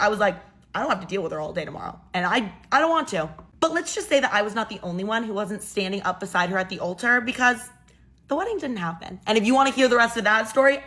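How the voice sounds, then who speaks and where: A woman's voice: medium pitch, bright, forceful tone. A young woman telling a personal story in a casual, chatty and exasperated way.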